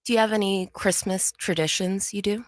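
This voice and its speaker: A woman's voice: mid-range voice, steady tone, brisk, no room sound. A woman from the radio show staff, chatting in a friendly way during studio banter. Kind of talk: casual studio chat.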